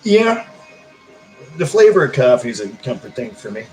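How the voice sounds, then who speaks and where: Over soft background music on a low-quality recording, a man with a medium-pitched, darkish voice casually hosts a livestream at normal speed. Very animated and hyper, he rambles and swears while reading viewer comments aloud.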